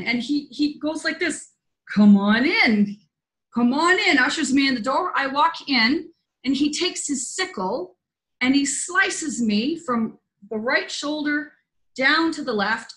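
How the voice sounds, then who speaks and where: A woman's voice: sits high, sharp tone, rough recording. A woman hosting a spiritual roundtable over a video call, telling a story in an earnest, loose, conversational way. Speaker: host.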